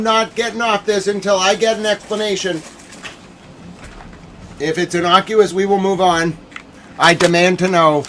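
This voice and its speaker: Indignant ranting man, higher voice. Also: steady tone, moderate pace, long pauses, a bit bright, slight background noise. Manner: indignant, demanding rant. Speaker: news commentary host. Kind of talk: livestream news commentary.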